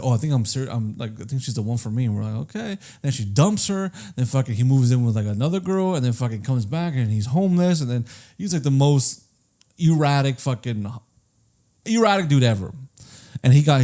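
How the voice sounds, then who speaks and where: Male podcast co-host, casual, curses a lot, animated pitch, storyteller. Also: fast talker. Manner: rambling storyteller, swears often, acts out quoted friends. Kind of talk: casual chat.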